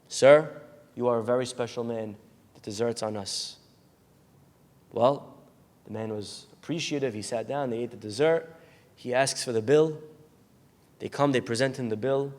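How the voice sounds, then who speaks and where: A man, a rabbi, giving a sermon full of storytelling, acting out the people in his stories and raising his voice in bursts. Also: medium pitch. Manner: animated storyteller acting out characters, shouting in bursts. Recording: long hall reverb.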